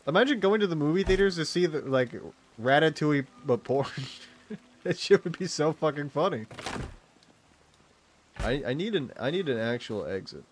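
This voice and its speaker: A man's voice: on the high side, animated, moderate pace, pauses often, a little hiss or hum. A young man streaming a game, chatting in a rambling, crude, giggly way. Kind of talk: casual chat while streaming a game.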